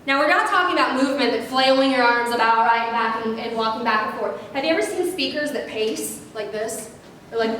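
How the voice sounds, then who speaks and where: A woman presenting a public speaking workshop, lively and animated, often checking in with "right?". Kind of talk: instructional workshop talk. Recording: very echoey room, distant mic, faint rumble.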